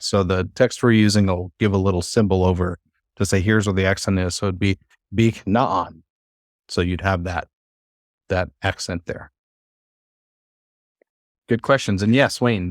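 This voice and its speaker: A man with a fairly low voice leads a Hebrew lesson over a video call. He is patient and encouraging and slows down to sound words out. The sound is dry and close. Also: no echo. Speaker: Hebrew teacher. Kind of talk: online class teaching.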